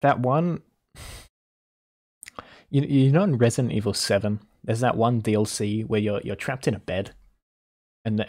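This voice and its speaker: A man's voice: on the low side, a little mellow. A man streaming live, reacting to videos with incredulous, swearing, laughing commentary.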